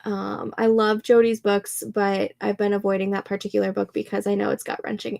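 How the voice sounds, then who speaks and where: A woman's voice: mid-range voice, little pitch movement, normal speed, gravelly. A young woman hosting a writing livestream, chatting casually and laughing often as she reads out comments from viewers. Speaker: livestream host.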